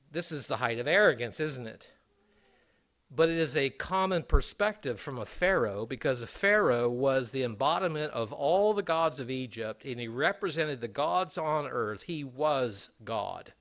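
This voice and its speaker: Middle-aged guy giving a sermon, reads scripture then chats about it, medium pitch. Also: lively intonation, moderate pace, a bit bright. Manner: conversational preaching, reading scripture aloud with asides. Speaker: pastor.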